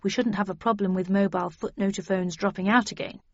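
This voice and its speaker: Woman reading a brisk male agent. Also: medium pitch, fairly even intonation, dry recording, close to an everyday voice. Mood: businesslike. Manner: brisk, businesslike. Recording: dull dry lo-fi audio.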